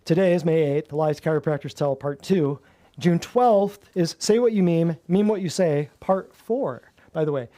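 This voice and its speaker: A man presenting a class as host, energetic and wry, laughing at the claims he lists. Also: a little high, normal speed. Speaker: chiropractor host of a natural health class.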